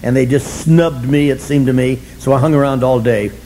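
Animated older man telling stories. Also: moderate pace, a little hiss or hum, low-quality recording. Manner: animated, self-mocking, emphatic, swings from loud bursts to low asides. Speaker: speaker sharing his story at a recovery meeting. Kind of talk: humorous storytelling talk.

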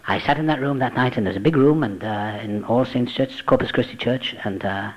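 A man's voice: medium pitch, fairly quick, muffled recording. Man telling a dramatic life story. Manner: dramatic, acts out quoted voices, drops to hushed tones. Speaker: speaker sharing a recovery story. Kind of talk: personal testimony, storytelling.

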